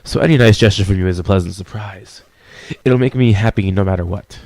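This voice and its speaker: A man hosting a game channel, reading through a visual novel in a casual, jokey way, with a hoarse voice. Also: on the low side, a little fast, darkish tone, dry recording. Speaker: gaming channel host. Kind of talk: visual novel let's play narration.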